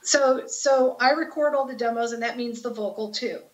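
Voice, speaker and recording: A woman's voice: fairly high pitch, moderate pace. A woman guest, a guitarist, chatting casually in an interview and telling stories with lots of fillers and restarts. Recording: dull lo-fi sound.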